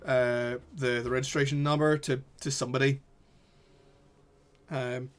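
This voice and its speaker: Guy game master, bright sharp voice, loose and sweary. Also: fairly high pitch. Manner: swearing, casual, laughs often. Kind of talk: narrating a tabletop game.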